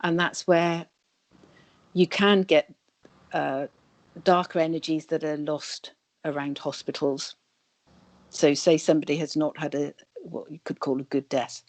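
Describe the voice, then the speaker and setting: A woman guest on a video call interview, calmly explaining energy healing. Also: deep voice, measured pace, pauses often, no room sound. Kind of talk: interview answers.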